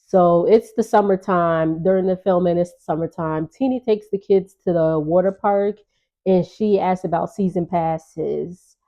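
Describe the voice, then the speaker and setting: Chatty woman recapper, low mellow voice, slightly dull lo-fi sound. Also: a little slow. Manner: chatty, gossipy, laughing asides. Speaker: reality TV recap vlogger. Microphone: on-camera.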